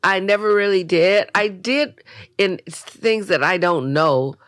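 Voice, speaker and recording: An older woman from Louisiana with a Southern accent, a guest recalling her life in a relaxed, storytelling way. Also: mid-range voice, measured pace, no echo, clean studio sound. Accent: Southern American. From Louisiana, USA. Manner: storytelling, warm endearments like "baby". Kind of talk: reflective conversation.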